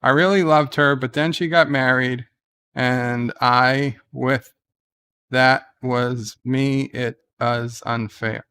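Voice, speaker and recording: A man's voice: mid-range voice, steady tone, slow, bright, forceful tone, clear, resonant tone. A man hosting a casual livestream, reading viewer comments aloud and rambling on irreverently with plenty of fillers. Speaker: livestream host.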